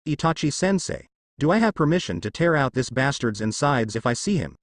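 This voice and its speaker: A man's voice: mid-range voice, sing-song, brisk, no room sound, close to an everyday voice. Guy doing a growly young ninja itching to fight, dry voice. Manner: rough, growling. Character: fierce young male ninja, eager to fight.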